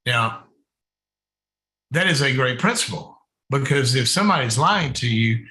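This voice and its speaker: A man hosts a live call-in advice show and counsels a caller. His voice is bright and forceful at a middle pitch. He speaks with emphasis and repeats words as he builds a point. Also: lively intonation, measured pace, rough recording.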